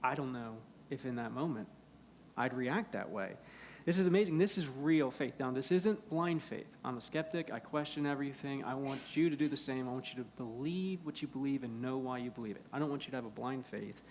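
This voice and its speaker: A pastor preaching a sermon in a church, earnest, moving between loud emphasis and hushed pleading. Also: male voice, mid-range voice, a little fast, slight background noise. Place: church sanctuary.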